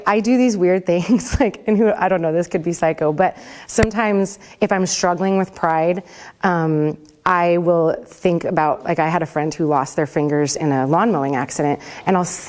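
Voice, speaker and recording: A woman leads a vocal class in a casual, rambling way, laughing often as she talks. Her voice sits a little low for a woman. She speaks to a group in the room. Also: normal speed, a little mellow. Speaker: worship pastor teaching a vocal class. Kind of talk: casual teaching talk.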